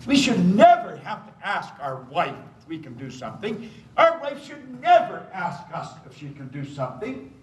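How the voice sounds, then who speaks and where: Older guy doing a motivational seminar, emphatic storyteller, pitch jumps all over, sounds far off in a big echoey hotel room. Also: sing-song, moderate pace. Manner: emphatic storytelling, repeating key phrases. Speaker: motivational speaker. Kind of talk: seminar talk to a live audience.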